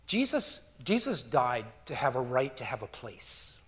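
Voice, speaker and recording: A middle-aged pastor preaches earnestly, sinking to hushed near-whispers and then rising into loud, emphatic bursts. His medium-pitched voice swings widely in pitch at a measured pace.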